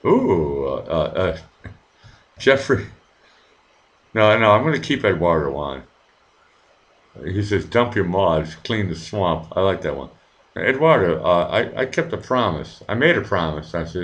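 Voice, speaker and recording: A man hosting his own stream rants at his viewers, reading the chat aloud and cursing heavily in a heated, direct way. His low voice is sing-song and a bit bright, a little slow with long pauses, and the room echoes.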